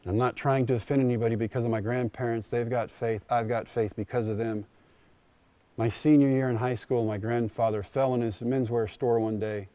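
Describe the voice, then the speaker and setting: A man's voice: mid-range voice, warm tone, no room sound. Man telling a story in short punchy lines. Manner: dramatic pauses, short punchy sentences. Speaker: keynote speaker. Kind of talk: storytelling speech. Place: school district convocation event.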